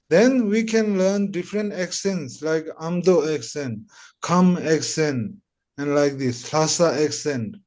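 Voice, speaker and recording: A Tibetan language teacher with a high, slightly mellow male voice leads an online pronunciation lesson, patiently repeating syllables for his students.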